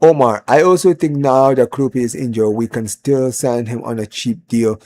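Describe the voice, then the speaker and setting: A man's voice: mid-range voice, moderate pace. A young man hosting a football live stream, ranting in casual chat, repeating himself and calling the audience "bro". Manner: animated, repeats himself, lots of "bro" and "man", rising when heated.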